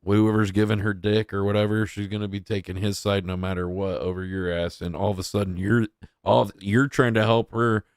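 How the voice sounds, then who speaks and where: A man's voice: fairly low pitch, little pitch movement, brisk, clear, resonant tone, dry recording, clean studio sound. A man giving casual, crude commentary on clips as a streamer, blunt and mocking.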